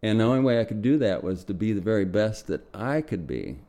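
An older man from the United States telling his own story for a documentary radio piece, slow and reflective, often sinking to a quiet murmur. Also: lowish voice, sing-song.

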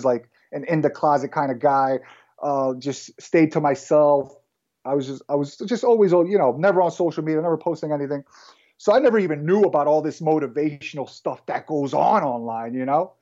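Mellow-voiced man telling his story casually. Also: medium pitch, lo-fi sound. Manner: relaxed storyteller, frequent fillers and restarts. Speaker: guest entrepreneur.

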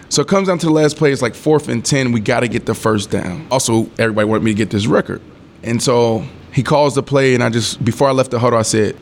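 Guy in his 30s telling a game story, gets loud n animated acting out quotes, mid-pitched voice. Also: a little fast. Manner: animated storyteller who acts out quotes, swears, laughs. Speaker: former NFL wide receiver, guest. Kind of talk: casual storytelling interview.

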